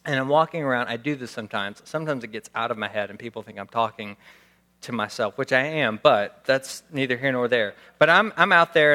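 A male pastor with a medium-pitched, pushed, bright voice preaches a conversational sermon, acting out little scenes with a raised voice.

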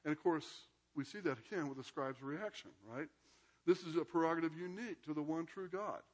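A man's voice: on the high side, a little fast. A man giving an informal lecture, explaining a text conversationally and often checking in with "right?", with some hesitant fillers. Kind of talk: informal lecture with scripture reading.

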